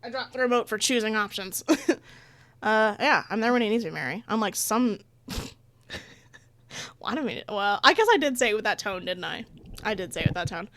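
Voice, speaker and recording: A woman's voice: mid-range voice, moderate pace, long pauses, a bit bright, no echo. A young woman playing a dating game, chatting casually, reading the story aloud and laughing often. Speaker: let's play gamer.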